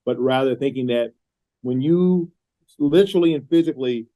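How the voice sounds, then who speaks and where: A middle-aged man talks as an interview guest in a mellow, warm voice at a medium pitch. He is earnest and often repeats a word while he finds his thought. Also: normal speed, poor audio. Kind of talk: podcast interview conversation. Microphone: remote call.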